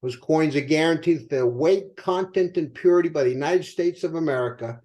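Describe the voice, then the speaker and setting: A high-voiced older man, a company co-founder, tells motivational sales stories to his sales team at a moderate pace. He's an animated storyteller who poses rhetorical questions to the audience.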